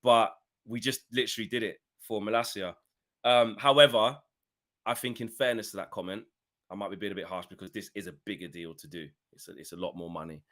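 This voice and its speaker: A man hosting a casual fan podcast over a call, chatty and animated, with slangy banter. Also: fairly low pitch, fairly quick. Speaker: host.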